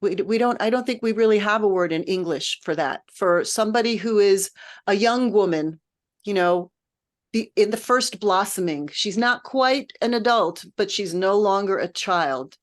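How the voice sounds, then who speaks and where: A woman's voice: medium pitch, moderate pace. A woman music director leading a text study, lecturing informally in a thoughtful, patient way while she searches for her words.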